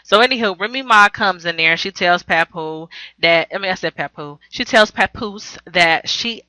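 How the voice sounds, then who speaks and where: On her vlog, a woman recaps a reality TV episode with blunt, profane, sassy commentary, rambling and correcting herself often. Her voice is fairly low and bright, with a forceful tone and normal speed. The recording is rough but has no room sound.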